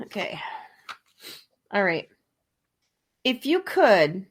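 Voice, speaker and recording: A woman's voice: sits high, sing-song, very slow, a bit bright, breathy edge. A woman hosting a casual comedy podcast, laughing often as she asks silly questions. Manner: giggly, laughs through her questions. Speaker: podcast host.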